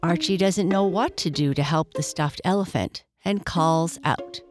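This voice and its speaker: A woman narrating a bedtime story in a slow, gentle, soft-spoken way. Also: lowish voice, music in the background.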